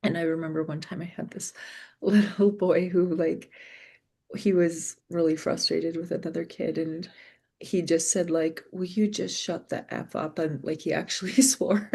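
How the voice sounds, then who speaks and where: Gravelly, husky-voiced woman teacher. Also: on the low side, fairly even intonation, measured pace, a little mellow. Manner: chatty, many fillers and laughs. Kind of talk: casual discussion.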